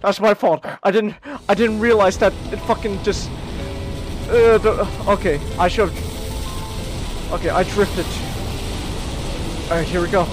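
A male streamer giving casual, excitable gaming commentary, stammering and exclaiming often. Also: sits high, a little slow, pauses often, over music.

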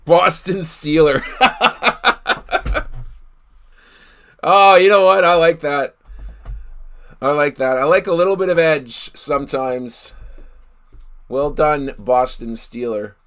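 A man's voice: a little high, measured pace, fairly bright tone, smooth. A man from Canada hosting a live card break, chatting casually with viewers, laughing often and thinking aloud with fillers.

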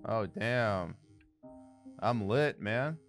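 A man's voice: on the low side, animated, very slow. A young man streaming a game playthrough, whining dramatically and joking as he plays. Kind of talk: live game playthrough commentary. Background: game music.

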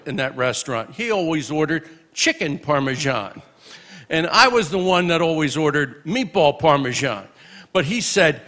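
Older guy, 60s, minister doing a eulogy at a church, kinda high voice, tells funny stories and throws in hallelujahs. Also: fairly bright tone. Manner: storytelling, punctuated with exclamations of praise. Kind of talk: memorial tribute speech with humorous anecdotes. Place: church memorial service.

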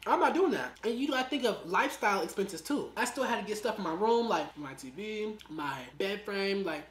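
Fast-talking slangy young woman, roomy echo. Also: mid-range voice. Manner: slangy, animated, acts out quoted lines; eating while talking. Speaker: vlogger telling a story. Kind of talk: casual storytime.

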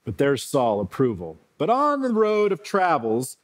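A man's voice: on the high side, huge pitch swings, a little slow. A man as a pastor giving an earnest devotional sermon, reading scripture with rising emphasis.

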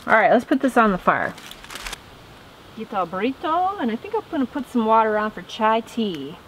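A woman's voice: fairly high pitch, expressive, normal speed, slight background noise, rough recording. A woman chatting casually as she vlogs from her off-grid tent camp in the woods, often talking fondly to her dog. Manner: chatty, talks to her dog in a soft fond voice. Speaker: vlogger. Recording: background music over the voice.

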